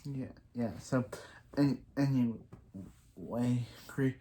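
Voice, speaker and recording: A man's voice: medium pitch, slow, warm tone, a little hiss or hum. A man casually recapping a TV season, rambling with lots of fillers and restarts. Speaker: show recap reviewer.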